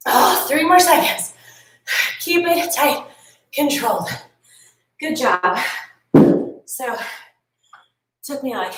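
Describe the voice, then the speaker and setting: A woman's voice: sits high, expressive, very slow, long pauses, fairly bright tone, distant mic, slight background noise. Tired, chatty woman fitness instructor. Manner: chatty, encouraging, storytelling between cues. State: tired, yawning. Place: home workout space. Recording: echoey room, voice a bit off-mic.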